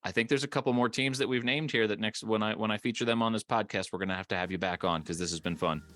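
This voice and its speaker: A man's voice: on the low side, fast, fairly bright tone, no echo. A man hosting a podcast in casual chat, joking and laughing easily, recorded outdoors at a park. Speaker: podcast host.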